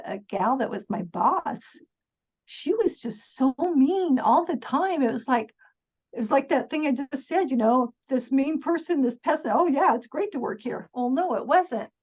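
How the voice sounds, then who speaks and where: Appearing as a podcast guest, this middle-aged woman tells stories earnestly and chattily, laughing frequently and restarting sentences during a casual interview. Her voice is high, husky and darkish, captured with dull lo-fi sound.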